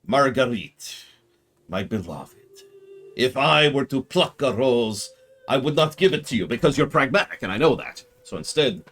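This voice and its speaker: A man's voice: mid-range voice, a bit bright. A man putting on the voice of an overwrought courtly suitor, declaiming in a grand, mock-poetic way.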